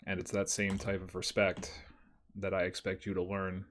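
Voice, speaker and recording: A man voicing a stern woodland warrior who mentors a boy in a measured, grave way. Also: low voice, monotone, a bit bright, a little hiss or hum.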